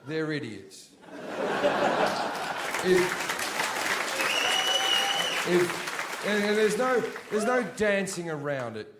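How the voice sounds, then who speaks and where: Stand-up comic, man, high-pitched, crude, ranting, stage mic in a theater. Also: very animated, very slow, long pauses, a loud crowd, very noisy. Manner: crude, profane ranting with rising shouts. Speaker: stand-up comedian. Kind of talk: stand-up comedy. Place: theater stage before a live audience.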